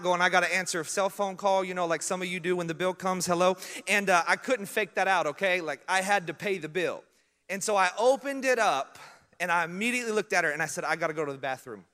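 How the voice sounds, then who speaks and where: A man's voice: sits high, long reverb tail. A young adult man preaching, telling humorous stories and laughing along with them. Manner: humorous, animated, laughs at his own stories. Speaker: pastor. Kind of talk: storytelling sermon.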